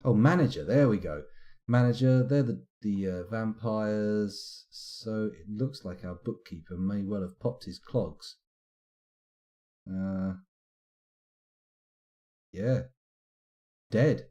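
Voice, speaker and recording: A man's voice: fairly low pitch, slow, long pauses, dark tone. A man streaming live gameplay commentary, chatty and self-mocking with wry asides. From United Kingdom.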